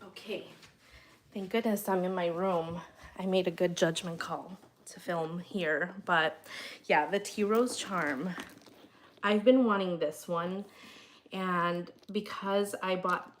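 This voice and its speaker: A woman in her thirties hosts a casual live stream from her bedroom, talking straight to her viewers. Her voice sits a little low, and she rambles in a loose, chatty, openhearted way. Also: steady tone, slow, slight background noise. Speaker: channel host.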